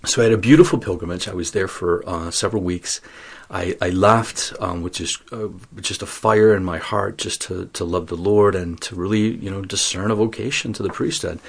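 A man's voice: deep voice, moderate pace, gravelly, husky. A man as an interview guest, telling his vocation story in an earnest, self-mocking way.

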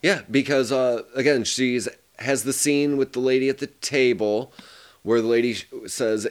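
A man co-hosting a casual movie review podcast, animated, laughing often and swearing freely. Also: medium pitch, moderate pace. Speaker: podcast co-host.

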